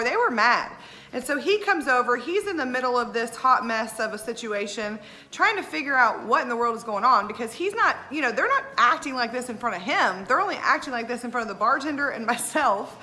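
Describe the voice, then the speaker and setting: A woman, a wedding planner telling stories in a casual, animated way, often laughing and acting out what others said. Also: fairly high pitch, normal speed. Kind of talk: casual storytelling.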